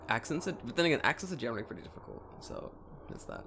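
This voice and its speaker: Young male podcast co-host, gravelly edge, lively, profane storyteller. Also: mid-range voice, very fast, slight background noise. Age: 20s. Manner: animated storytelling, swears freely, laughs often. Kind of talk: casual chat.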